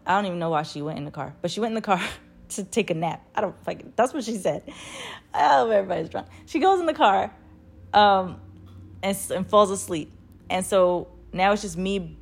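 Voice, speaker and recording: A young woman tells a story to her viewers in a loose, chatty way. Her voice sits a little low, and she talks with lively, animated energy, swearing freely as she goes. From United States. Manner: animated, swearing, laughing through the telling. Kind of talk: casual storytelling.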